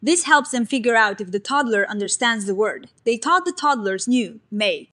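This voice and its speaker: A woman narrating a scripted science explainer in a clear, even, explanatory way. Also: fairly high pitch, normal speed.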